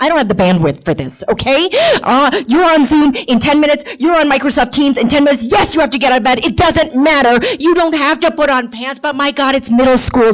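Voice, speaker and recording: A woman in her forties telling a personal story to an audience, animated, emphatic and comic. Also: high voice, rough recording.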